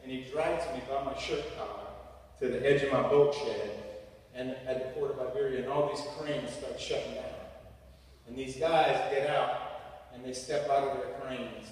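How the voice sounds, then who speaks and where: A middle-aged man gives a humorous, animated storytelling speech to students and acts out the people he quotes. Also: medium pitch, normal speed. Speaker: guest speaker. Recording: echoey hall from far off.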